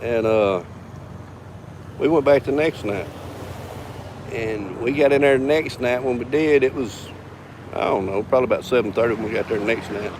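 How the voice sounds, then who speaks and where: A man's voice: mid-range voice, moderate pace, pauses often, background noise. Profane man spinning a yarn. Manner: drawling, profane, laughs between lines. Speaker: vlogger telling a story. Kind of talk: casual profane storytelling.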